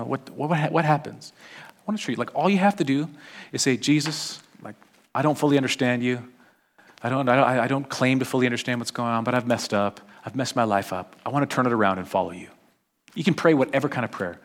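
Pastor, male, mid-pitched, casual chatty sermon, leans on "right?" and "like". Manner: chatty, peppers talk with "right?" and "like". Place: church service.

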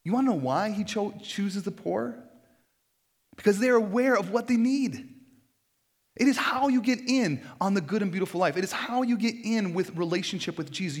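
Guy preaching, chatty and animated, kinda high voice, slips into little character voices. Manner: conversational, animated, acts out quoted voices. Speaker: pastor. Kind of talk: sermon.

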